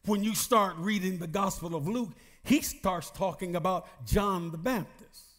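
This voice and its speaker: A middle-aged male pastor preaching a sermon, reading scripture slowly and calling out questions to the congregation. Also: sits high, a bit bright. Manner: reads scripture slowly with emphasis.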